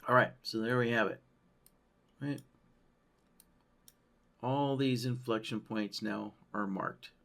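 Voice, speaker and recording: A man walking through a trading-software tutorial on a screen share, thinking aloud and checking in with "right?" as he goes. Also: medium pitch, steady tone, slow pace, gravelly, long pauses. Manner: loose, thinking aloud, frequent "right?" tags. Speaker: software trainer.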